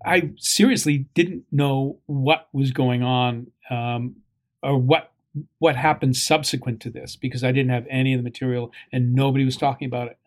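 A man of middle pitch answers as a guest in an interview. He talks haltingly and fills his pauses with hesitations. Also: fairly even intonation. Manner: halting, lots of fillers. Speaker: actor, guest. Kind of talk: conversational interview.

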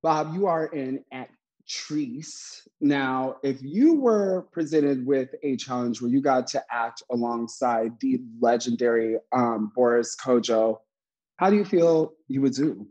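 A man co-hosting a casual chat, bantering quickly, laughing often and tossing in playful asides. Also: mid-range voice, darkish tone, poor audio.

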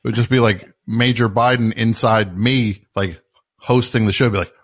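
A man's voice: mid-range voice, measured pace. A man hosting a call-in show, joking and bantering with callers in a wry way. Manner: joking, wry, lively delivery. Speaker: radio call-in show host.

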